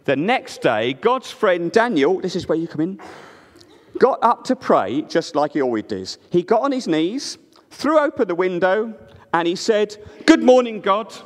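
A man telling a story to a live audience in a playful, expressive way, inviting listeners to join in. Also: sits high, a little slow. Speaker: children's storyteller. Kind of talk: animated storytelling with audience participation. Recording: reverberant hall.

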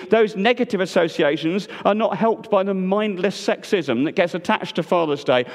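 A man preaching a sermon, moving between emphatic lines and hushed, quiet passages. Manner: swings between loud emphatic and hushed low delivery. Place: church. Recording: long church reverb.

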